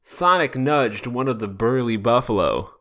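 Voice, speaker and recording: A man's voice: mid-range voice, animated, unhurried, a bit bright. A man hosting a podcast, doing a wry comic reading of fan fiction aloud. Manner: wry, breaks into laughter.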